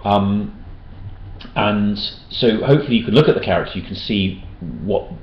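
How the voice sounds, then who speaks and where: A man's voice: lowish voice, normal speed. A man answering backer questions in a casual chat, hesitant, with many restarts. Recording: roomy dull-sounding room recording.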